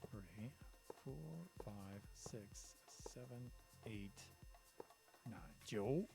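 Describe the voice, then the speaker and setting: He streams a building game, counting blocks out loud and muttering to himself as he builds, in casual in-game commentary. His voice sits fairly low with a dark tone.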